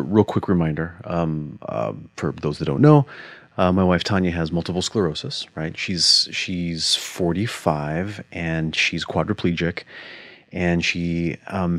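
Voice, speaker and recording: Male podcast co-host, low voice, animated storyteller, dry studio sound. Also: no room sound. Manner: animated storyteller, acts out quoted dialogue. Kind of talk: casual conversation.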